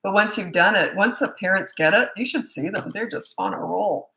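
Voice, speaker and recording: Brief: middle-aged woman parenting coach, lively chatty Q&A, voices the kids she quotes, roomy echo. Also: medium pitch, fairly quick, gravelly. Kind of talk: casual live Q&A talk. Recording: echoey room.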